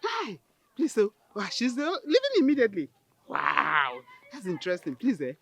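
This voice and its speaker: An actress with a Nigerian accent playing an excitable, devout older village mother on a phone call, soon to be a grandmother. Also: medium pitch, normal speed, creaky, dry recording, full character voice. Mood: overjoyed. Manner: exclamatory, breaks into praise and cries. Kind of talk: film acting.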